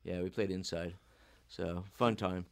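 A man's voice: low voice, fairly even intonation, a little slow, gravelly. A man hosting a podcast in casual chat, telling rambling, profane stories packed with fillers like "you know.". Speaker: podcast host.

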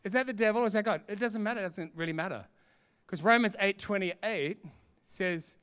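A man preaching a sermon, animated and humorous, acting out little scenes. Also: sits high, a little fast, clear, resonant tone. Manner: animated, humorous, acts out quotes. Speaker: pastor.

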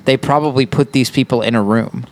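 A man's voice: mid-range voice, a little fast. A man co-hosting a podcast in casual chat, joking and rambling with frequent restarts. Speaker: podcast co-host.

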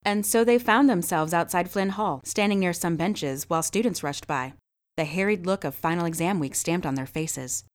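Calm woman narrating a storybook. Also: on the low side, normal speed. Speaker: narrator and podcast host.

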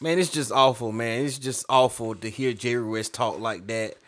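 A man's voice: mid-range voice, normal speed, a bit bright. A man co-hosting a sports podcast, scolding indignantly and repeating himself, with features. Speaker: podcast co-host. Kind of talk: sports talk rant.

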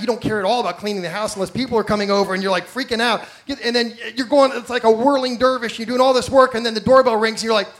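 A man's voice: high voice, a bit bright. A man preaching a sermon, telling stories animatedly and acting out the people he quotes, asking the congregation direct questions. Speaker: pastor.

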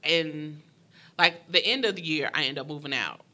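A young woman recounting her own story in a frank, emotional conversation. Her voice is very bright and sharp. She speaks in quick, heartfelt bursts. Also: sits low. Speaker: guest sharing her story. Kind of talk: candid personal storytelling.

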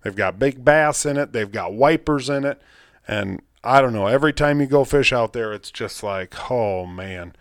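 A man hosting a podcast, telling stories in a rambling, excitable way with casual cursing. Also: medium pitch, normal speed, clean tone, dry recording, clean studio sound. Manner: rambling, excitable storyteller with mild swearing. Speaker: podcast host. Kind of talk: casual chat.

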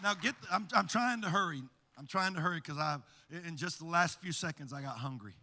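Male pastor, sermon, high-pitched, emphatic repetition, shouted sing-song peaks, long church reverb. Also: fairly quick, some chatter behind, a little hiss or hum. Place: church sanctuary.

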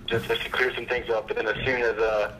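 A young man, a guest chiropractor, telling stories in a casual podcast chat with an animated, laughing manner. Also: medium pitch, fast, slight background noise, poor audio.

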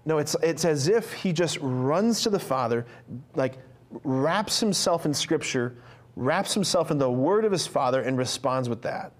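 A man's voice: fairly high pitch, animated, moderate pace. A man giving an earnest, conversational sermon to men, with frequent fillers and restarts.

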